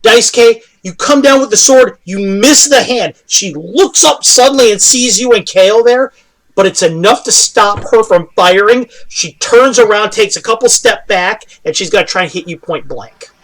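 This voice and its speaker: A male game master with a high, slightly bright voice narrates a fantasy battle in a halting way. He describes each hit and miss with frequent pauses and ums and uhs, his intonation lively.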